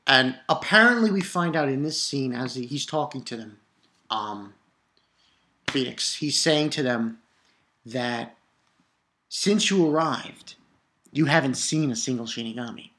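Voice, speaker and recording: Excitable woman reviewing manga. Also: a bass voice, measured pace, pauses often. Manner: excitable, laughs often, acts out quotes.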